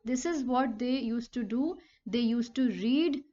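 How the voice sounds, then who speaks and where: A woman's voice: on the high side, slow, hardly any pauses. A woman teaching a poem, reading lines aloud and explaining them step by step, repeating and rephrasing. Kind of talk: poetry lesson explanation. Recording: dull lo-fi recording.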